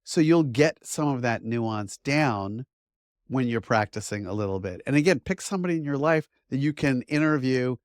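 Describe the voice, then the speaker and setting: A middle-aged man teaches in a friendly, upbeat, conversational way, like a coach talking straight to camera. His voice sits at an ordinary middle pitch. The sound is dry and close, with no room echo. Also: animated, moderate pace. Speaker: media trainer and course instructor. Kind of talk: instructional talk to camera.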